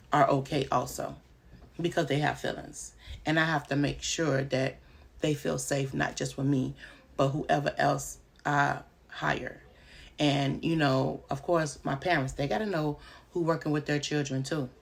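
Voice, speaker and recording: A woman's voice: sits low, vocal fry. A woman who runs a home daycare, giving casual advice in a vlog and stressing her points by repeating them.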